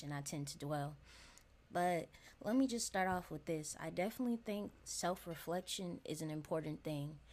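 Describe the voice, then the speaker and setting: A young woman hosting a casual solo podcast, talking frankly and chattily straight to her listeners. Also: lowish voice. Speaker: podcast host.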